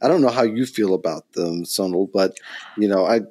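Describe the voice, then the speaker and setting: Halting man in a casual panel chat. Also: low-pitched, mellow. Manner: halting, many restarts, laughing easily. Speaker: guest career expert.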